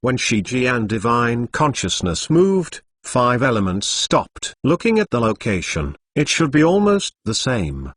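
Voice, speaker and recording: A man's voice: medium pitch, big pitch swings, a little slow, hardly any pauses, a bit bright, breathy edge, no echo, studio quality. A man's synthetic text-to-speech voice reading a novel as scripted narration.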